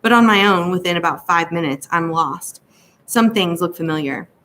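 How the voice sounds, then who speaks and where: A woman's voice: on the low side, normal speed, sharp tone, slight background noise. A woman reading an audiobook aloud, telling the story steadily in a first-person voice. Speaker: audiobook narrator. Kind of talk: scripted narration.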